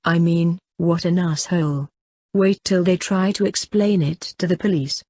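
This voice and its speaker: A woman's voice: fairly low pitch, steady tone, normal speed, mellow, dry recording, clean studio sound, lightly acted. A woman voicing an outspoken teenage girl who talks blunt and indignant in an audiobook. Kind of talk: audiobook character voice.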